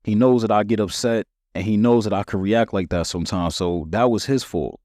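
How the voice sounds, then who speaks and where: A man's voice: lowish voice, brisk, darkish tone, no echo, clean studio sound, lightly acted. A man voicing a hot-tempered little boy who blames his brother for a fight. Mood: defensive. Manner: defensive, blaming.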